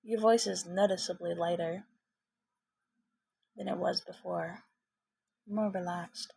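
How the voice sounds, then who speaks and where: A woman reading a second-person fan fiction story aloud in a relaxed, low-key way. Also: takes it slowly, creaky, long pauses, a little hiss or hum.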